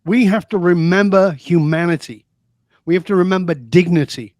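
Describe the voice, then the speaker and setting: A man's voice: sits high, moderate pace, darkish tone, dry recording, clean studio sound. A man, a guest in an interview, telling stories and making points in an emphatic, preachy way. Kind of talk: interview conversation.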